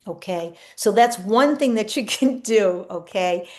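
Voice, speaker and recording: A woman spiritual coach talking casually to camera in an earnest, reflective way, sometimes slipping into soft spoken affirmations. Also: medium pitch, animated, measured pace.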